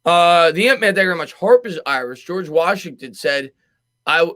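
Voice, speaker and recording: A man with a bright, forceful voice and a slightly raised pitch hosts a live football talk show. He reads viewer comments aloud and answers them in quick, emphatic bursts, stuttering and repeating words as he presses his point. The sound is dry and close. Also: animated, no echo. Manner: fast, emphatic, repeats words when arguing. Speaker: sports podcast host. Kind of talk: live sports chat reading viewer comments.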